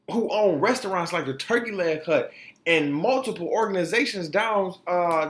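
A man's voice: sits high, a bit bright. A man hosting a podcast, giving blunt, profane opinion commentary in a heated, ranting way and sometimes stumbling over his words. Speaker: podcast host.

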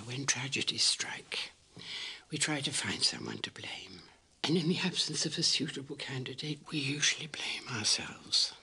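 A woman's voice: extremely low pitch, bright, forceful tone, voice pushed down, full character voice. A woman whispering as an elderly grande dame. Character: elderly aristocratic grandmother, firm but tender. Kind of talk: whispered role-play.

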